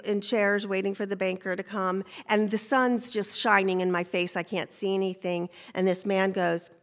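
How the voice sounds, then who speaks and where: An older woman from Maine tells a personal story to a live audience. Her delivery is animated and conversational, and she slips into the voices of the people she quotes. Her pitch sits in an ordinary middle range. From Maine, USA. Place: stage before an audience.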